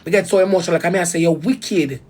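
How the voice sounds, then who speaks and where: A woman's voice: lowish voice, flat delivery, very fast, darkish tone. A woman with a Jamaican accent, ranting heatedly to viewers about a betrayal, swearing in patois. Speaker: vlogger. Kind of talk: emotional personal rant to viewers.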